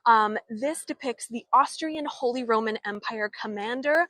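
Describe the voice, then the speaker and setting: A young woman guiding a live walking tour outdoors, talking into a handheld phone, chatty and halting, with many fillers and restarts. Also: fairly high pitch, fairly bright tone, no echo. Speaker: travel vlogger and tour guide. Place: outdoors in an old town street.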